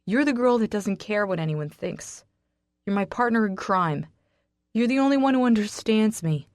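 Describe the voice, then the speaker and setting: A woman's voice: mid-range voice, animated, moderate pace, no echo, pitched above the performer's own voice, close to an everyday voice. A woman voicing an intense, possessive young man who talks heatedly and curses in an audiobook. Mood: anguished. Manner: heated, cursing.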